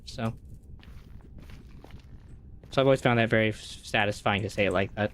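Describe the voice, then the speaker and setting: Low-voiced male streamer chatting casually. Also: moderate pace, a bit bright. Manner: rambling, answers chat, thinks aloud. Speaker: gaming streamer. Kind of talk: casual live-stream chat while playing.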